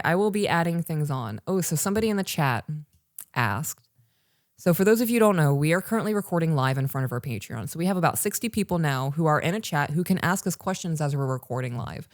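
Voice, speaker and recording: Talking fast with lively intonation, a low-pitched woman in her thirties co-hosts a parenting podcast, emphatic and aimed right at the listener. The casual episode is recorded live for online patrons, in clean studio sound with no room sound.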